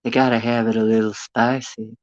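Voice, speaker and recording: Her pitch extremely low and her delivery flat, a livestream host speaks a little fast in a slightly mellow voice. She rambles casually through viewer comments from her bedroom, recorded on a phone in dull lo-fi quality with no room sound.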